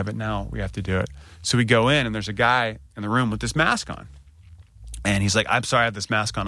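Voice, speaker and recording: A man in his thirties, a podcast co-host, telling a candid story and jumping up in pitch when he quotes himself. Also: no room sound, clean studio sound. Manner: animated retelling, voice rising when quoting himself.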